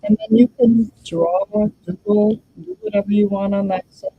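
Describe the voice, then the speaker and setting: A woman's voice: mid-range voice, steady tone, normal speed, narrow, tinny audio, a little hiss or hum. A woman hosting a casual crafting demo, thinking aloud and chatting to her viewers while she works. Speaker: crafting channel host.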